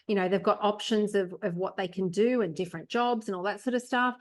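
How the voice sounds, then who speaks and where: A woman's voice: mid-range voice, steady tone, fairly quick. Chatty woman podcast host. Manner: encouraging, rambling with many "you know"s. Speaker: podcast host, real estate agent. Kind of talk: casual chat.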